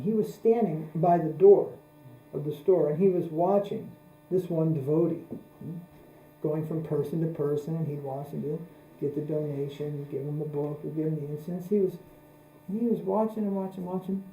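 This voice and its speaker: A man giving a spiritual teaching talk, unhurried and repeating phrases for emphasis. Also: a little high, mellow. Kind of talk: spoken religious discourse. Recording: roomy echo.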